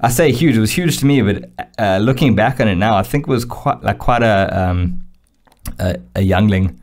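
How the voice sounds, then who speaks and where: A young man with a fairly low voice tells a story in an easygoing podcast chat. He is animated, acts out the lines of the people in his story, and laughs often. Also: normal speed. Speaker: podcast co-host.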